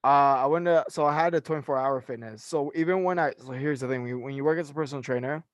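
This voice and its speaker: A man's voice: on the high side, fast, no echo. Young man, personal trainer, casual podcast chat, swears a lot, fillers, dry close sound. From California. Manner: animated storyteller, profane, many fillers.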